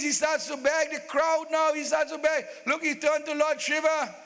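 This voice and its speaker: A man's voice: very high-pitched, flat delivery, normal speed, hardly any pauses, fairly bright tone, in a large hall. A man narrating a live staged epic with humorous asides to the devotees. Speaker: Ramleela narrator.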